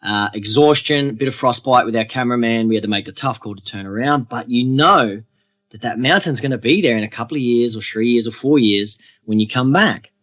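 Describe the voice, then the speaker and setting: A man, a guest on an interview podcast, telling adventure stories in a relaxed, steady way. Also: medium pitch, a little fast, highs cut off.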